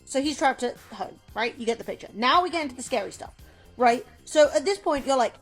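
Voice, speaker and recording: A woman's voice: sits high, lively intonation, fairly quick, slightly rough, faint music behind. A woman streamer chatting casually and retelling a story in a rambling, playful way, full of "like" fillers.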